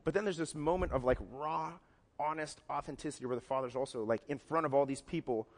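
A man's voice: a little high, fairly quick. A man preaching a sermon, talking conversationally and acting out quoted lines in different voices. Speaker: pastor. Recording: long hall reverb.

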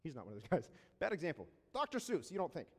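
A man delivering a sermon in a somewhat high voice, his words ringing through the long reverb of a large hall. He keeps it conversational, tossing out rhetorical questions to the congregation, and he slows right down when he reads scripture aloud. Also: wildly swooping pitch, fairly bright tone, slightly rough. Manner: reads scripture slowly and deliberately. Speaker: pastor.

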